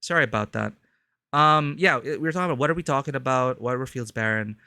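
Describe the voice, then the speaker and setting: A man talks casually to his stream chat while playing a game, rambling and breaking off his own sentences. His voice is bright and forward, recorded very dry on a close mic. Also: medium pitch, quick pace, no room sound. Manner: rambling, self-interrupting.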